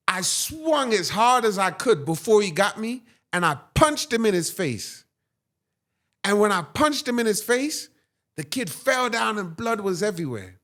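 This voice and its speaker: A male guest on an interview show recounts a personal story in a high voice. His delivery is dramatic and animated, peppered with frequent "right?"s.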